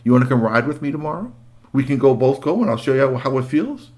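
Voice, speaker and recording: A man's voice: medium pitch, animated, fast, darkish tone, natural voice. A man voicing a proud father sun god who speaks grandly to his son.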